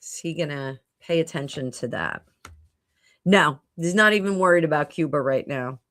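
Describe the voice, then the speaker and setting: A woman's voice: low-pitched, moderate pace, a bit bright. A middle-aged woman hosting a psychic livestream, chatting casually with viewers and thinking aloud with many fillers and restarts. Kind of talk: casual livestream chat answering viewer comments. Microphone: computer mic at a home livestream.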